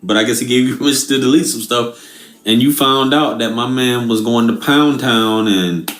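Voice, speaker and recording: A man's voice: medium pitch, normal speed, a bit bright, reverberant. A man hosting a reaction channel, talking in laid-back, slangy banter. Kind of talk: casual reaction commentary.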